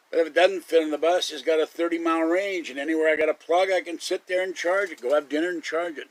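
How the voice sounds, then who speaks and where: A man's voice: fairly high pitch, quick pace, hardly any pauses, rough recording. A man hosting a live stream, rambling through casual stories and chuckling often. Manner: chatty storyteller, chuckles often.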